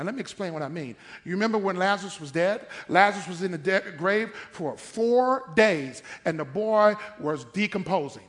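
A man's voice: high voice, fairly bright tone. A man preaching a sermon in church, emphatic and firing questions at the congregation.

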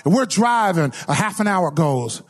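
Middle-aged preacher guy, highish voice, gets animated acting out his story, stumbles and repeats words a lot. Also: normal speed. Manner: repeats words and restarts often. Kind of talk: sermon with personal story.

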